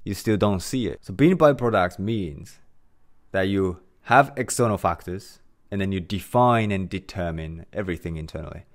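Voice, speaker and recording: A man's voice: low voice, moderate pace. A man working as a mindset coach, giving a motivational talk to camera in an earnest, emphatic way, repeating phrases and using many fillers.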